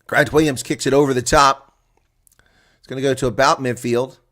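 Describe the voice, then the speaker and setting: A man calling a rugby match live as a chatty, excitable watch-along commentator, with a congested throat that keeps him coughing. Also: medium pitch, moderate pace. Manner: chatty and excitable, laughs at players' mistakes. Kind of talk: live play-by-play reaction commentary.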